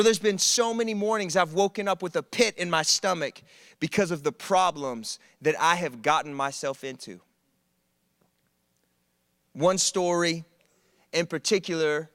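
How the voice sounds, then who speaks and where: A man preaches to a college crowd, telling his own stories with humor and energy. His voice sits high and bright. The sound is close and dry. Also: no room sound. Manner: animated, conversational storytelling with humor. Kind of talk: sermon. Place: church service.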